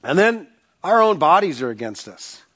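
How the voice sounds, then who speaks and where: A man preaching a sermon, telling a personal story with animated bursts, quiet asides and rhetorical questions to the congregation. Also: fairly high pitch, moderate pace, breathy edge. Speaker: pastor.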